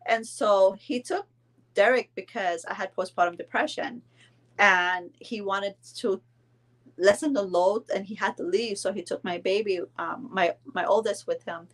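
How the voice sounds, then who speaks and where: A woman's voice: medium pitch, measured pace. Chatty woman from Belize. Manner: chatty, rambling, many fillers and restarts. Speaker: vlogger. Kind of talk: casual live-stream chat.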